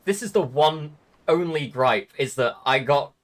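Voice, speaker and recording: A young English man from Britain, hosting a casual stream interview, excitable, swearing a lot and laughing often. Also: fairly high pitch, measured pace. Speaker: streamer host.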